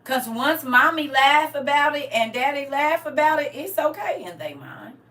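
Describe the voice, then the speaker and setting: A woman's voice: sits high, expressive, moderate pace, pushed and bright, far from the mic. A woman, preaching casually and animatedly, acting out little scenes as she talks.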